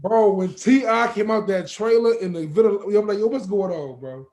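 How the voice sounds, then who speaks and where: Podcast host guy, pretty high voice, laughs a lot, slangy, keeps saying bro. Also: normal speed, a little mellow. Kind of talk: casual chat.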